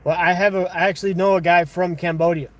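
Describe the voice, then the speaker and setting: A man hosting a livestream, casually chatting and arguing with viewers in chat, thinking out loud. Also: sits high, steady tone, fast talker. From United States. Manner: conversational, argumentative with chat, thinking aloud. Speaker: livestream host.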